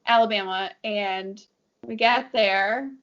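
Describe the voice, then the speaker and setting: A woman's voice: mid-range voice, steady tone, takes it slowly, a bit bright. A woman co-hosting a casual heart-to-heart chat, open and earnest with frequent giggles. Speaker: co-host. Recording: dull lo-fi sound.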